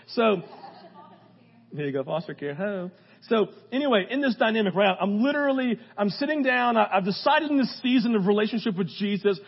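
Young guy preaching, high husky voice, jokes with the crowd, kinda dull lo-fi recording. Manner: casual, joking, talks straight to the crowd. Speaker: pastor. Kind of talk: sermon. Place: church hall with a live congregation.

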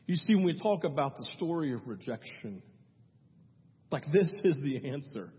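Male pastor, high husky voice, emphatic storyteller, sermon in a dull echoey hall. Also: very animated, moderate pace. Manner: emphatic storytelling with repeated phrases.

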